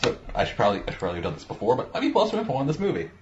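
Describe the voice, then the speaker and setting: A man's voice: mid-range voice, huge pitch swings, rapid-fire, muffled recording, noisy background. A man hosting a casual movie commentary podcast over an online call, rambling and swearing freely. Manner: profane, rambling. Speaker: podcast host. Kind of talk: casual commentary-track chat.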